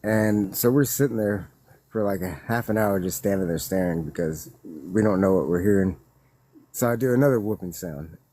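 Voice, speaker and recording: A man telling a witness story in a loose, rambling way, laughing and growing excited as he recounts it. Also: low-pitched, moderate pace. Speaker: witness guest. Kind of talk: casual storytelling.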